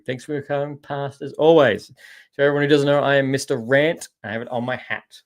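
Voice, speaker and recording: Australian man, podcast host, casual rambling chat, middle pitch, says mate a lot. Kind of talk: casual live-stream chat reading viewer comments.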